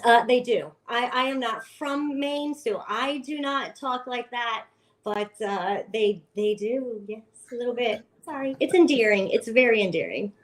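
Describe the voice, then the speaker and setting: Female guest for a live chat, slightly high voice, friendly and easygoing, heard over a video call. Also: animated, measured pace. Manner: friendly, laughs easily. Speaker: guest food safety consultant. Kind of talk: casual conversation on a video call. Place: home office in Maine.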